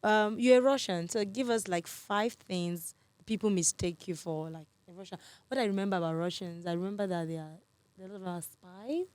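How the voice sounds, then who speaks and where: A woman's voice: medium pitch, moderate pace, a little mellow, no room sound. A woman with a Nigerian accent hosting a casual podcast interview, playful, laughing a lot and slipping into Pidgin. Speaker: podcast host.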